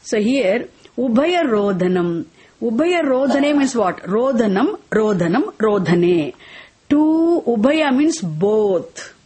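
Husky woman teaching Sanskrit. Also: a little high, big pitch swings, mellow. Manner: slow deliberate explaining, switching into Tamil and chanting verses. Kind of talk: class lesson with call-and-response recitation.

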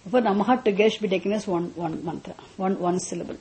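A woman teaches a class on mantras in a mellow, dark-toned voice. She explains step by step, often repeating herself, and slows into chanting. Her pitch sits in an ordinary middle range. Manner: patient, repeats and restarts, chants slowly.

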